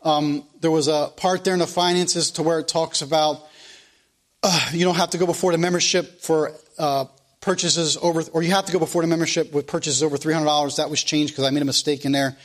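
A man's voice: a little high, steady tone, fairly quick. A man preaching a sermon, reading scripture emphatically and speaking earnestly to his congregation, with some restarts. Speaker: pastor.

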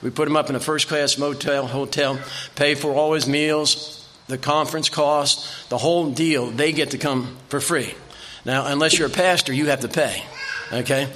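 Folksy older male preacher, bright voice. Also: fairly high pitch, steady tone, normal speed. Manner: folksy storytelling, repeats phrases. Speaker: visiting preacher. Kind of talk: sermon. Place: church.

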